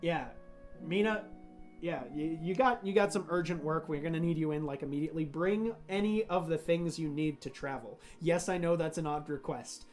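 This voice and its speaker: A game master voicing an irritated elderly male mentor who is gruff and short-tempered, over faint guitar music. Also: mid-range voice, moderate pace, close to an everyday voice.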